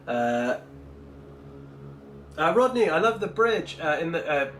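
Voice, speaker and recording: A man's voice: on the high side, very animated, slow pace, fairly bright tone, roomy sound. A man hosting a casual livestream while painting miniatures, chatty and rambling as he answers his chat, speaking into a Bluetooth microphone.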